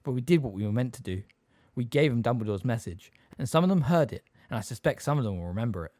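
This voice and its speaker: A man reading as gruff gentle giant Hagrid. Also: mid-range voice, expressive, quick pace, dry recording, clean studio sound, close to an everyday voice. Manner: blunt, plain-spoken, homely. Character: huge gruff half-giant gamekeeper, man. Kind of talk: audiobook character reading.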